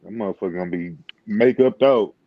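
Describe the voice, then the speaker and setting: A man's voice: fairly low pitch, brisk, highs cut off. A man in a casual sports chat, joking crudely and swearing a lot.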